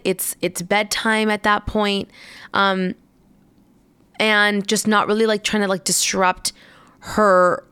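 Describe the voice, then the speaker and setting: A woman's voice: mid-range voice, fairly bright tone, clear, resonant tone, dry recording. A young woman chatting casually to viewers as a parent, rambling with many fillers. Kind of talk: casual chat.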